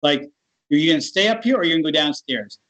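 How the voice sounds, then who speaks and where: A middle-aged male guest tells a personal story in casual conversation, animatedly acting out the voices of the people in it. His voice is a little high and quick-paced, and the recording has its highs cut off.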